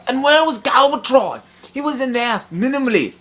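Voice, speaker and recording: A man's voice: extremely high pitch, lively intonation, moderate pace. Pompous indignant man ranting a film review. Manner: pompous, affected gentlemanly put-on voice; indignant, long-winded. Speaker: movie reviewer. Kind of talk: comedic film review rant.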